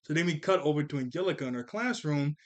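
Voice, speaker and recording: A young man giving a casual episode review of a cartoon, chuckling often and jumping into quick character voices. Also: on the high side, animated.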